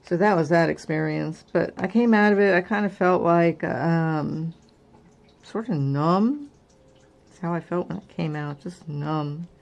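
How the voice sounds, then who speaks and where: Low gravelly middle-aged woman. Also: a little slow, darkish tone, highs cut off. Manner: candid, rambling, many fillers. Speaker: crafting channel host. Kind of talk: casual personal chat.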